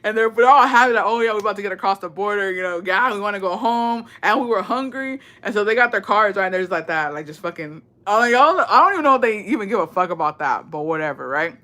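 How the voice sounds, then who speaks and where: A woman telling a casual storytime, profane and animated, mixing in Spanish phrases and laughing often. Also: mid-range voice, fast talker, few pauses. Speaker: vlogger.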